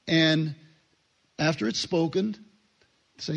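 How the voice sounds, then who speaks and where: A man giving a relaxed Bible teaching, talking conversationally and acting out short dialogues. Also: high voice, a little slow, muffled recording. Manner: conversational, acts out little dialogues, fillers.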